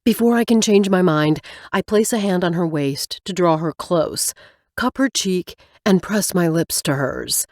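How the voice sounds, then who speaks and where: A woman narrating a romance audiobook in first person, expressive with wry asides. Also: lowish voice, measured pace, dry recording, studio quality.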